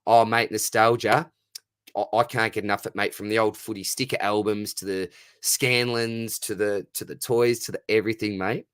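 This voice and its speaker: An Australian man, likely in his thirties, hosting a casual livestream and chatting warmly with viewers, often stumbling over and repeating his words. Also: lowish voice, level tone, normal speed, clean tone, no echo, clean studio sound. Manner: warm, matey, repeats words, says mate constantly. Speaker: livestream host answering chat. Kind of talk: casual live-stream chat.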